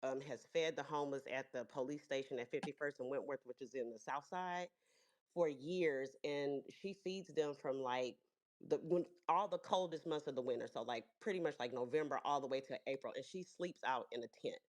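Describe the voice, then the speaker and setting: A woman's voice: a bass voice, moderate pace, a little mellow. A woman calling into a livestream, telling a story in a chatty way. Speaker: caller. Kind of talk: casual call-in commentary.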